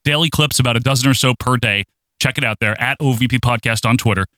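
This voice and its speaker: A man's voice: medium pitch, quick pace, pushed and bright, no echo. A man hosting a casual podcast, talking in an upbeat, announcer-like way. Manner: upbeat, announcer-like sing-song intro. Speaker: podcast host.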